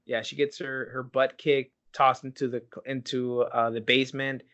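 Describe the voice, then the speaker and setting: In a relaxed podcast chat, the host energetically recaps a horror film and swears plenty along the way. He has a mid-range voice and speaks at normal speed. The recording is dull and lo-fi.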